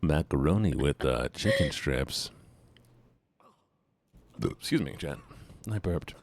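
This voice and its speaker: A man's voice: very deep voice, expressive, takes it slowly. A man chatting casually on a stream in a goofy, playful, singsong way. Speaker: streamer guest and voice actor.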